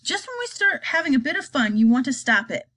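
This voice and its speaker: A woman reading aloud and voicing a cantankerous old grandmother who shouts rude remarks. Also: sits high, big pitch swings, fairly quick, voice pushed up, full character voice. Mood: rowdy.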